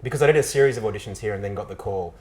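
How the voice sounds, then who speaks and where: In a casual interview, an Australian actor tells an animated, self-mocking story, frequently restarting his sentences. His voice sits on the low side and races along, captured on a low-quality recording.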